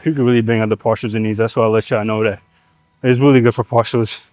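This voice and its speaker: A young man explaining leg exercises in a gym, in relaxed slangy talk, at times out of breath. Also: fairly low pitch, fast, no room sound. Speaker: fitness vlogger. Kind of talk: casual gym coaching vlog.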